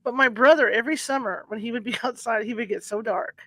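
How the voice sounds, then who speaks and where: Excitable woman host with a bright voice. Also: on the high side, no echo. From half Mexican, half Hungarian heritage. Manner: excitable, talks fast when thrilled. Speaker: show host. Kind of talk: casual live-stream hosting.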